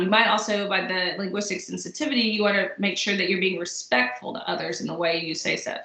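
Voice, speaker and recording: A woman's voice: mid-range voice, sharp tone. A young adult woman giving a recorded college lecture in a casual, conversational way, with plenty of fillers and restarts. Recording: echoey room.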